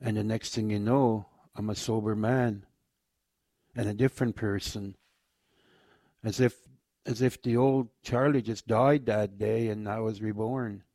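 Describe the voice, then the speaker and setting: Low, flat-voiced man sharing his testimony. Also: dry recording. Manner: halting and repetitive, often trailing off quietly. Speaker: former inmate sharing his faith testimony. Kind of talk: personal testimony.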